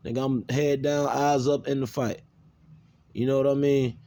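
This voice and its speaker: A man's voice: medium pitch, level tone, normal speed, dark tone. A man from the South, talking bluntly and profanely in an unscripted video monologue. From American South. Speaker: video maker.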